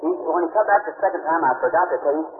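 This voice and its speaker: Folksy preacher on tinny tape. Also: male voice, on the high side, racing. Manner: folksy, repeats words, earnest storytelling. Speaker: evangelist preacher. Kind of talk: sermon with storytelling. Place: revival meeting before an audience. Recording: tinny lo-fi archival recording with hiss.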